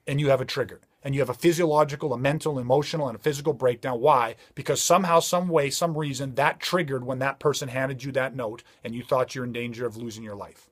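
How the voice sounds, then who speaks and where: A man giving a motivational safety talk, emphatic and driving his points home with repeated rhetorical questions. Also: fairly high pitch. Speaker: safety trainer.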